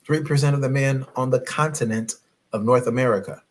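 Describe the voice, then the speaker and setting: A middle-aged man coaching on relationships in a late-night live stream, animated and preachy, scolding his viewers playfully and laughing often. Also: mid-range voice, brisk. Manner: fumbles with his phone while reading comments.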